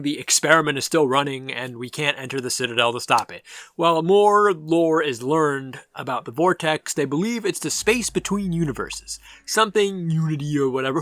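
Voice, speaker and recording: A man's voice: a little high, bright, forceful tone, dry recording. A man narrating a sarcastic game review, ranting and exasperated. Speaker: gaming video reviewer.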